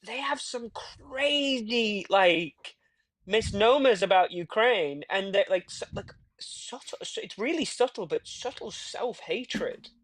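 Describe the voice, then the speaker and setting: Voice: medium pitch, animated, measured pace, dry recording. A guest on a casual livestream chat, talking bluntly and swearing freely.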